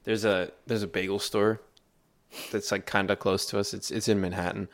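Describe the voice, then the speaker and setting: Low-voiced laid-back podcast guy. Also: flat delivery, moderate pace, gravelly. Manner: laid-back storytelling with filler words. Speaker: podcast co-host. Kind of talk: casual chat. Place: New York City area.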